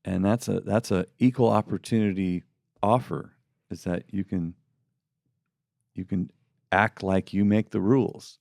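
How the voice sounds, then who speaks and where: A man's voice: lowish voice, steady tone, a little slow, gravelly, long pauses, darkish tone, no echo, clean studio sound. A middle-aged man co-hosting a faith podcast, talking casually and putting on mocking voices when he quotes people. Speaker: podcast co-host.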